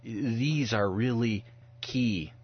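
A man's voice: medium pitch, very slow, husky, lo-fi sound. A man speaking as a pastor guest on a radio talk show, earnest and reflective, often restarting his words as he thinks aloud. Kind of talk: radio talk about the Bible.

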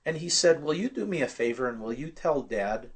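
A man's voice: fairly high pitch, animated, a little fast, breathy edge. A man sharing a personal faith story in conversation, telling it earnestly and quoting what others said. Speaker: guest sharing testimony.

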